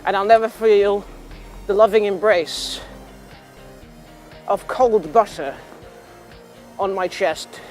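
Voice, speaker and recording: A young Englishman with a high, light voice rambles through a childhood story, laughing at himself and wandering off on tangents. A soft music bed plays faintly underneath. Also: takes it slowly, pauses often. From England. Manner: self-mocking, laughs often, trails into tangents. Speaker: vlogger.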